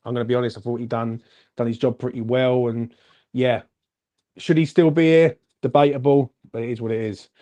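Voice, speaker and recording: Chatty man with a mellow voice. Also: medium pitch, brisk. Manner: animated, chatty, says "mate" a lot. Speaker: fan channel co-host. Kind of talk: casual football fan chat.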